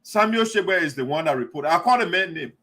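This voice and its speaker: A man's voice: on the high side, expressive, fast talker, sharp tone. A man hosting a live online talk show, arguing passionately with callers and repeating his points. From Liberia. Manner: impassioned, repetitive, argumentative. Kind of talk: live call-in commentary.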